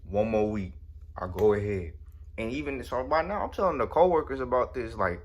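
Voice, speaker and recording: A man's voice: medium pitch, animated, moderate pace, slightly rough. A young man casually telling a story in slangy speech, often saying "you know what I'm saying". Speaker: storyteller vlogger.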